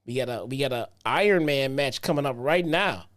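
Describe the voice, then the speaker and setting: A man's voice: medium pitch, expressive, brisk, fairly bright tone. A man hosting a casual wrestling review show. He recaps matches in a loose, chatty way, repeating himself and dropping "um" and "man" often. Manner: laid-back, frequent "um" and "man", repeats himself.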